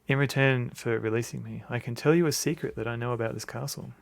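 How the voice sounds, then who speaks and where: A man reading a soft-spoken flirtatious maiden. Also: mid-range voice, steady tone, quick pace, gravelly, no echo, close to an everyday voice. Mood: flirty. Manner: reads game dialogue in a soft, quiet voice.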